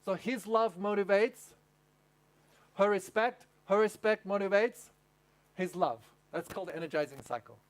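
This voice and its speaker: A man's voice: high voice, moderate pace. A male pastor giving a humorous, conversational sermon at a camp meeting.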